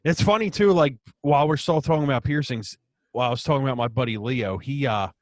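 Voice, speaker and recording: A man's voice: medium pitch, fast talker, dry recording. Laid-back man, dry close sound. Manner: laid-back, profane, laughs along. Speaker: podcast co-host. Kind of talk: casual chat.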